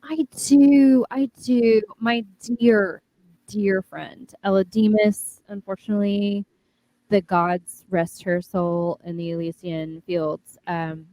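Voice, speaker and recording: A woman's voice: medium pitch, fairly even intonation, takes it slowly, mellow, no room sound, low-quality recording. A woman playing a tabletop game, speaking theatrically and graciously in character. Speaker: player. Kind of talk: tabletop role-play.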